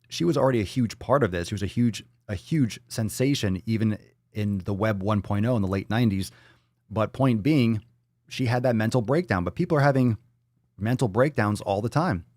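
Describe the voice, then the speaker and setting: A man hosts a casual live stream with a fairly low voice, loose and profane, joking as he reads comments aloud. The sound is close and dry, with no room around him. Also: darkish tone, no room sound. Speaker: livestream host reading chat. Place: Florida.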